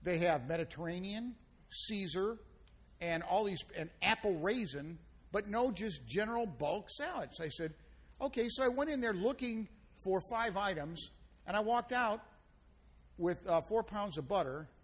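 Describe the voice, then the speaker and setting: A man with a notably high voice hosts a casual radio food show. He tells folksy, rambling stories and teases his co-hosts. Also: lively intonation, unhurried. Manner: folksy storytelling with playful banter.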